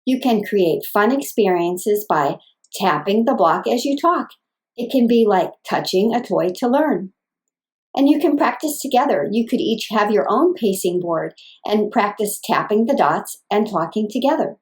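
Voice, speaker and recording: Calm woman speech therapist explaining. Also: medium pitch, measured pace. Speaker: speech-language pathologist. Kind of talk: scripted instruction for parents.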